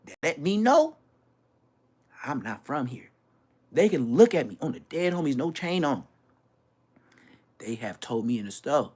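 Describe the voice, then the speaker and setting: Brash, swinging-pitch man ranting. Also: moderate pace, pauses often. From Florida. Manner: animated, brash, swearing, mimics others' voices. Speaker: YouTuber. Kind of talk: casual profane rant.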